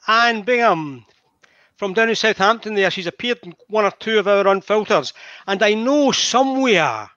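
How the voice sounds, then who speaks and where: A man's voice: high voice, sharp tone, dry recording, muffled recording. A Scottish man hosting a live online whisky tasting, chatty and greeting viewers by name over a video call.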